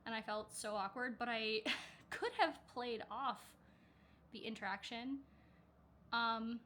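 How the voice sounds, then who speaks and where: A woman's voice: a little high, slow pace, pushed and bright, a little hiss or hum. A young woman vlogging in a chatty, rambling way, full of filler words. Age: young adult. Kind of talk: casual vlog chat.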